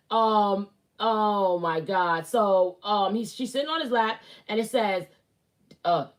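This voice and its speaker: A woman hosting her own show, giving blunt, rambling gossip commentary, full of fillers and repeated phrases. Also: a little high. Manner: blunt, rambling, opinionated, with lots of "like" and repetition. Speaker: host. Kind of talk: casual celebrity gossip commentary.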